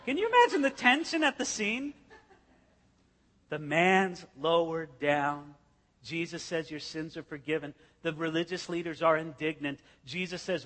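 A man preaching with a high, bright voice that rings through a large hall. He tells the story vividly, stepping into each scene as he explains it. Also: normal speed. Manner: animated storytelling, acting out scenes. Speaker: pastor. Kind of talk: expository sermon.

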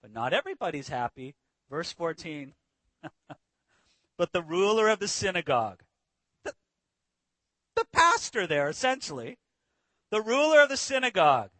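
Male preacher, very high bright voice, animated verse-by-verse delivery. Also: normal speed, long pauses, dry recording, rough recording. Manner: animated preaching, acts out Bible scenes. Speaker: pastor. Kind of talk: sermon.

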